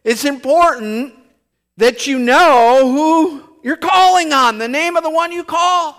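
A middle-aged man preaching a sermon as pastor, telling a story in a lively way and acting out the voices in it. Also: takes it slowly. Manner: animated storytelling, rising to excited high-pitched re-enactments.

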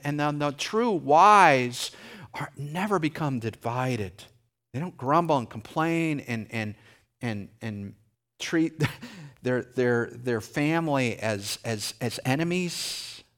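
A man, a pastor, delivering a sermon in a conversational way, breaking into animated asides. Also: a little slow. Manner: conversational preaching, jumps into high excited voices for anecdotes.

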